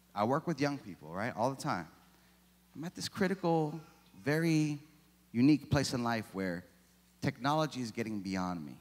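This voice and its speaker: A man in his forties preaching a sermon, chatty and self-deprecating, with lots of rhetorical questions. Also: mid-range voice. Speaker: pastor. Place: church sanctuary. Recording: long reverb of a church hall.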